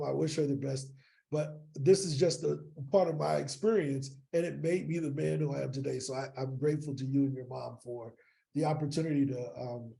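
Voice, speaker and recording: Gravelly-voiced man telling lively stories. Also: fairly high pitch. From East St. Louis, Illinois. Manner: animated storyteller, keeps asking "right?". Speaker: podcast guest, sales coach. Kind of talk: casual interview storytelling.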